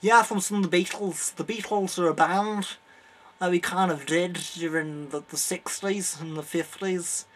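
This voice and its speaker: A man's voice: high voice, fairly even intonation, normal speed. Young man playing a 1960s Liverpool pop star, put-on Liverpool accent, laid-back, drawling.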